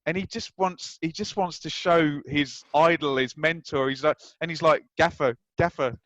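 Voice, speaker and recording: Man in his thirties from England, guest storyteller; acts out his anecdotes, fairly high voice, dry sound. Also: normal speed, no echo, lo-fi sound. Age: 30s. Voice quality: lively storyteller who acts out scenes. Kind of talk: anecdotal chat.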